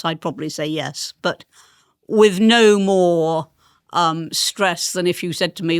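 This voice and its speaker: An older woman, once a politician, is heard as an interview guest, unhurried, on the low side, fairly bright, with a clear, resonant tone. Her received pronunciation carries rolled R's, and she speaks in a precise, emphatic way. The conversational interview has clean studio sound and no room sound.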